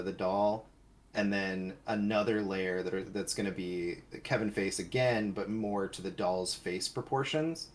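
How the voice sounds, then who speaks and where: A man co-hosting a casual live stream, offering technical editing tips and passing along viewers' chat messages. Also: fairly low pitch. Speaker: stream co-host reading chat.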